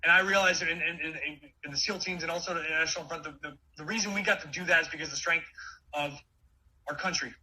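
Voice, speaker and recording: A man in his forties giving an energetic motivational talk, with many quick restarts. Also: a little high, low-quality recording. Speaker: keynote speaker.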